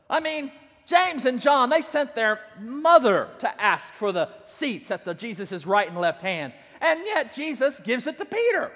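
A man's voice: very high voice, very animated, normal speed, a bit bright. Guy preaching in a big echoey church, dramatic storyteller, acts out every quote. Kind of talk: sermon. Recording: long hall reverb.

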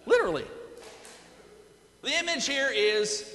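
A man preaching a sermon in a high, bright voice that swoops up and down with dramatic flair. He takes his time, slowing down for the big images and breaking in with jokes. The sound rings through an echoey hall with a long reverb tail. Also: sing-song. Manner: dramatic storytelling with playful asides. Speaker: pastor.

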